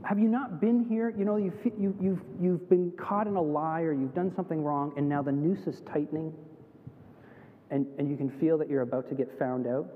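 A man's voice: a little high, moderate pace, slight background noise. Canadian man preaching in a tinny hall. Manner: animated storytelling, acts out quoted voices. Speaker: pastor. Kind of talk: sermon. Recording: tinny phone-like sound in a reverberant hall.

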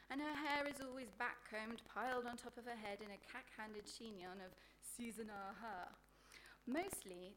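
Woman reading her own crude funny writing at a book event, deadpan and sarcastic, faint hiss. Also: a little high. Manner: sardonic, crude, deadpan comic. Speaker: author reading her work. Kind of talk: comic prose reading at a live event.

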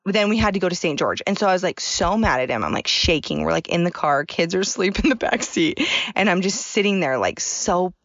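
A woman's voice: on the low side, expressive, brisk, a bit bright, dry recording, muffled recording. A woman in her thirties co-hosting a podcast, telling a personal story in a chatty way and laughing often. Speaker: podcast co-host. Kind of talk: casual podcast chat.

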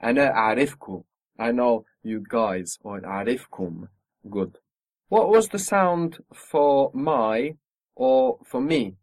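A man's voice: mid-range voice, animated, normal speed, dry recording. A man teaching a spoken language lesson, patiently modelling pronunciation and encouraging his student.

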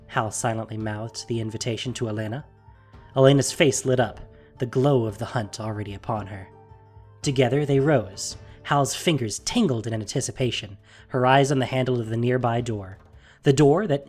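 A narrator reading a fantasy story aloud in a measured, steady storytelling manner. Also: mid-range voice.

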